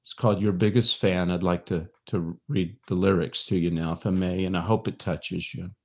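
A man's voice: sits low, fairly even intonation, normal speed. Heartfelt middle-aged male preacher. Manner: emotional, rising to impassioned peaks then dropping soft; direct address to viewers, frequent fillers. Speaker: online preacher leading prayer. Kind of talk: livestream devotional talk.

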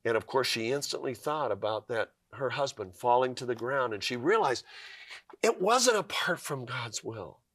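A man's voice: medium pitch, animated, normal speed, fairly bright tone, no room sound, studio quality. A man giving a devotional talk, telling a story earnestly and quoting scripture. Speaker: Christian speaker.

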